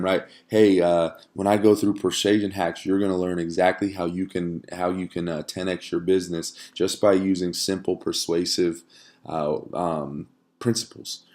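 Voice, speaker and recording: A man with a low, deep voice teaches an online course straight to camera. He keeps it conversational and unpolished, with fillers and frequent "right?" check-ins, as if explaining to a friend indoors. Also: fairly even intonation, normal speed, darkish tone.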